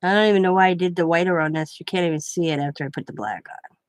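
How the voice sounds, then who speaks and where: A woman's voice: fairly low pitch, racing, no room sound. A middle-aged woman hosting a craft livestream, chatting casually and rambling through anecdotes while she works. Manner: rambling anecdotes, quoting others in her own voice. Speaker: craft channel host.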